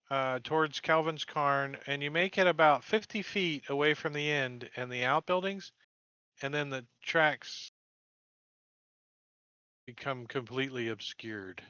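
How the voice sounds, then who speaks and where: Man, game master, tabletop game narration, patient explaining, bright voice, dry muffled mic. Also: a little high, slow, long pauses, clear, resonant tone, no room sound.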